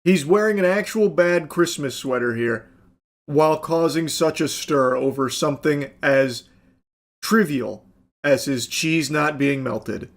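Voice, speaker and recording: A man's voice: fairly high pitch, unhurried. A man commenting on a video clip in a sarcastic, exasperated way, swearing bluntly. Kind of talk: reaction commentary.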